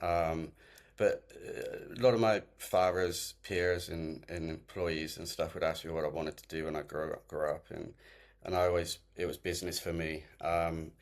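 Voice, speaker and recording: A man speaking as an interview guest, talking in a halting way with restarts and fillers, calling in remotely. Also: sits low, little pitch movement. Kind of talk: conversational interview. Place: remote call.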